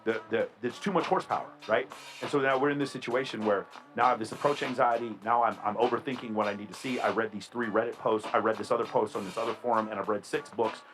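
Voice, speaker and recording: A man talks quickly and eagerly, working through his point with everyday analogies. His pitch sits in an ordinary middle range, and faint music plays under him. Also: fairly even intonation. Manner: quick, self-explaining, uses analogies. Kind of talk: casual talk.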